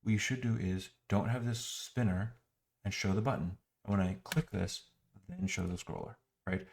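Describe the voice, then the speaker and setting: Man, low voice, gravelly, exasperated, sarcastic, screen-recorded software critique. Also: steady tone, normal speed. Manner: muttering while clicking through an app. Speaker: software reviewer.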